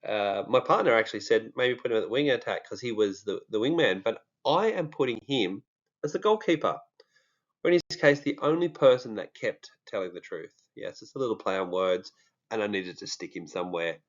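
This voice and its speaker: A true crime vlogger with an Australian accent addresses his viewers in a casual, joking monologue to camera, using lots of fillers. His voice is fairly low but lively in intonation, his pace a little fast, and the recording sounds muffled.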